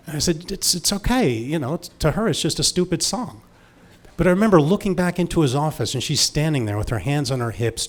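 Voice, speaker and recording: A man in his sixties from Long Island telling a personal story in a wry, intimate manner, moving from hushed lines to emphatic ones. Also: mid-range voice. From Long Island, New York.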